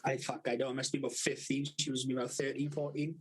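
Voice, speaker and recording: A young man with a South Wales accent telling rough stories to friends, swearing constantly and laughing as he talks. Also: medium pitch, little pitch movement, fast. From South Wales valleys. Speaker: podcast co-host. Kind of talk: casual storytelling among friends.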